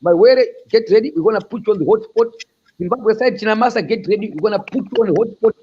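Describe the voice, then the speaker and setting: A man calling in with a raspy voice, ranting in a boisterous way and repeating boastful slogans. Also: sits high, fast talker, slight background noise. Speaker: caller. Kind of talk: impassioned call-in rant. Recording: dull lo-fi call audio.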